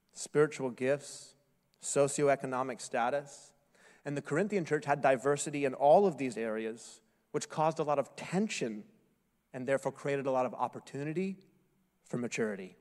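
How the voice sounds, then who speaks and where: This man preaches from a church sanctuary, where the hall's long reverb makes the recording echo. He has a mid-range, slightly mellow voice and shares stories as a pastor with a wry, self-mocking sense of humor.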